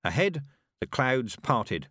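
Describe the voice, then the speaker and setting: A man's voice: medium pitch, sing-song, takes it slowly, bright, forceful tone, slightly rough, no echo. Man narrating an audiobook, dry sound.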